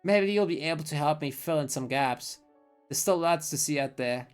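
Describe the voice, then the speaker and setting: A kindly old wanderer who has spent his life studying fungi, talking in a homely, drawling way, as a streamer reads him aloud. Soft game music plays faintly underneath. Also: mid-range voice, normal speed, clear, resonant tone, natural voice. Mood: fond. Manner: folksy, drawling, rural turns of phrase. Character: kindly old male wandering mushroom scholar. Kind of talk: reading a game's dialogue aloud.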